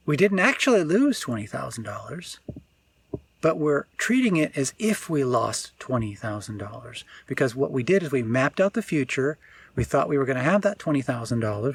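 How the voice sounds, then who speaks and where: A man, a spiritual teacher, giving an unscripted reflective talk, often pausing and restarting as he searches for words. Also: medium pitch, creaky, husky, no room sound.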